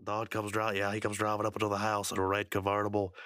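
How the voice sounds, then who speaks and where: A man's voice: fairly low pitch, monotone, quick pace, a bit bright, no echo. A man co-hosting a podcast, recapping a cartoon episode with dry joking asides. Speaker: podcast co-host.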